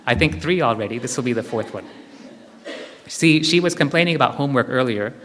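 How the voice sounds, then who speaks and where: Male retreat speaker, mid pitch, earnest and direct, echoing hall. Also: lively intonation, fairly quick, fairly bright tone, slight background noise. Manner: earnest, repetitive, addresses listeners directly. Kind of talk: spiritual talk at a retreat. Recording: long hall reverb.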